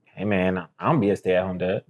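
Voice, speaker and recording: A man's voice: sits low, steady tone, a little fast. A young man co-hosting a casual podcast, laid-back and joking. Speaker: podcast co-host. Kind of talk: casual chat.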